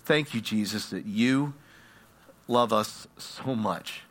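A man preaching a sermon, telling stories dramatically and swinging from hushed tones to loud ones. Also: lowish voice, takes it slowly.

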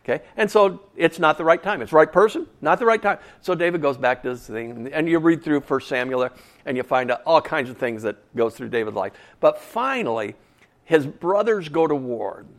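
A man's voice: a little high, expressive, moderate pace. Folksy, conversational male preacher. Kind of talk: sermon.

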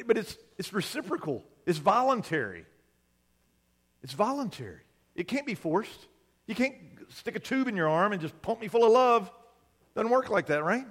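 A male pastor preaches in a high, very animated voice, his pitch swinging widely. He keeps turning to the congregation with "right?", and his words ring with a long echo, as in a big hall. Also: normal speed. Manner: animated, conversational, often asks "right?". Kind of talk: sermon.

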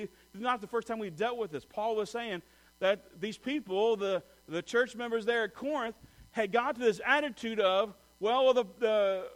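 A man delivers a sermon as a pastor, telling stories and acting out the voices he quotes. His voice sits high and swings from loud to soft.

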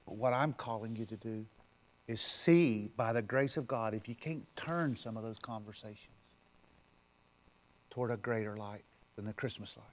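A man pastor preaching a sermon, swinging from loud, forceful declarations down to a soft, intimate appeal. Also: fairly low pitch, moderate pace. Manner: preaches with loud swells, then drops to soft, close talk.

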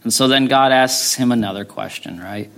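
Brief: man in the middle register, preaching with a gravelly edge, conversational teaching tone. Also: medium pitch, normal speed, a bit bright. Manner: conversational teaching, frequent tag questions. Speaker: pastor. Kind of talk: sermon.

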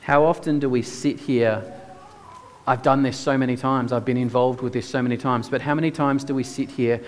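A man's voice: medium pitch, steady tone, normal speed, big-room sound. A man preaching a sermon in a church, earnest and emphatic, firing off rhetorical questions.

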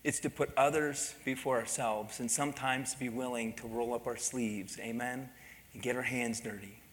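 A man's voice: mid-range voice, fairly even intonation, normal speed, fairly bright tone, long reverb tail. A man preaching a sermon as pastor, telling a personal story with mimicked voices and laughter.

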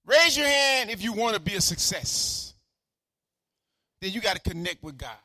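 Older male pastor, fiery repetitive sermon delivery, high bright voice. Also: very animated, normal speed, dry recording, clean studio sound. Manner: fervent preaching, swings from shouting to quiet asides; repeats phrases for emphasis.

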